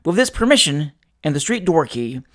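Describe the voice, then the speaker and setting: Man, audiobook narrator, classic novel, measured and expressive, fairly high voice. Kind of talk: reading a classic novel aloud.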